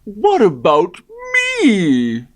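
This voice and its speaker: A man voicing an earnest, pompous male space hero in a comic audiobook reading, with slow, booming, self-serious declarations. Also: wildly swooping pitch, darkish tone, exaggerated voice. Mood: whiny.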